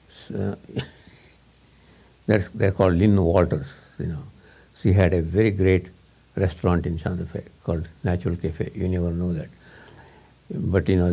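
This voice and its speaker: A man's voice: deep voice, vocal fry, dark tone, husky. A man giving a rambling, informal talk to a small audience, repeating words and laughing often.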